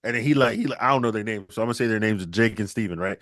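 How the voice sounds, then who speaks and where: A man co-hosting a podcast, riffing crudely through loud, animated comedic storytelling. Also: on the low side, racing, few pauses. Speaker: podcast co-host.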